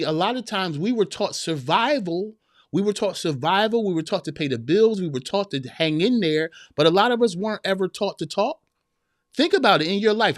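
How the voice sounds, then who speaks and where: A man's voice: high voice, a bit bright, no echo, studio quality. A man in his forties hosting an advice podcast, talking straight to listeners with emphatic repeated phrases. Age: 40s. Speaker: podcast host giving relationship advice. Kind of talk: casual counseling talk to listeners.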